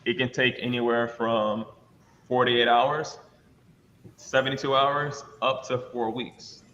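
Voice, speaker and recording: A man working as a lender, giving brisk, matter-of-fact answers as a podcast guest. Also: medium pitch, flat delivery, sharp tone, lo-fi sound. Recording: echoey, distant, faintly noisy.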